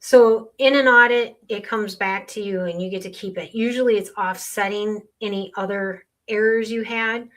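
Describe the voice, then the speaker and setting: Middle-aged woman on a podcast, explains tax stuff earnestly, normal pitch. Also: fairly even intonation, normal speed, few pauses, fairly bright tone. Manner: explains earnestly with client stories. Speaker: sales tax consultant guest. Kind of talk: podcast conversation.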